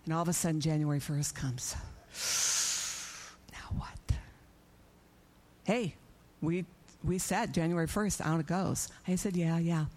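Lower-voiced woman telling an animated testimony. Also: normal speed. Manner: animated storyteller, acting out her own prayers and dialogue. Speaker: church speaker giving a testimony. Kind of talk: testimony in a church service.

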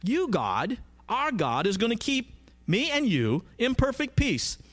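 A man's voice: very high-pitched, huge pitch swings, a little slow, soft background music. A man preaching a conversational sermon, emphatic and often asking his listeners questions.

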